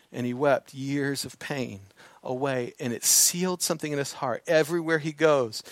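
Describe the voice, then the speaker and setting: A man preaching a sermon, moving from quiet storytelling to emphatic, building preaching on scripture. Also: medium pitch, no room sound.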